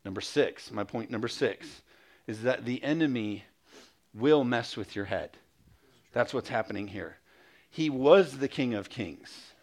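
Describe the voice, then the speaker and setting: A male pastor preaching a sermon, reading scripture aloud and calling for amens, with quick mocking asides. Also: medium pitch, expressive.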